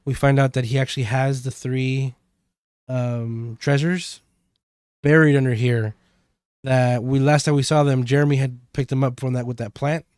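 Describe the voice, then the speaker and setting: A man's voice: mid-range voice, fairly even intonation, normal speed, a little mellow, smooth, no echo, clean studio sound. Man casually recapping a show. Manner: rambling, many fillers. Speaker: podcast co-host. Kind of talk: casual chat recapping a TV episode.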